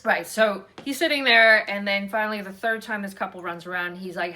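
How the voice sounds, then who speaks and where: A woman's voice: medium pitch, fairly quick, hardly any pauses, sharp tone. A woman hosting a casual chat at home, talking in a rambling, chatty way with many fillers. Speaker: host.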